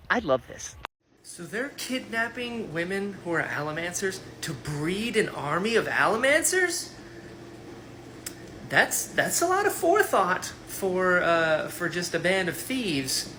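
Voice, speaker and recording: Animated, bright-voiced male book vlogger. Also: high-pitched, a little slow, a little hiss or hum. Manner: enthusiastic, animated, many fillers. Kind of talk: casual book reaction vlog.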